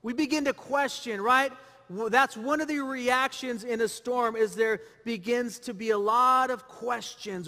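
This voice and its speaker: Male pastor, bright ringing tone, repetitive sermon delivery in a reverberant hall. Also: very high voice, measured pace. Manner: preaching with rhetorical questions and repetition.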